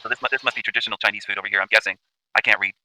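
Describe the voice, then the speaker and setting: Fast, profane, ranting Canadian man. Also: on the low side, fairly even intonation, noisy background. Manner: emphatic, profane, repetitive. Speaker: channel host. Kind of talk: ranting commentary over video.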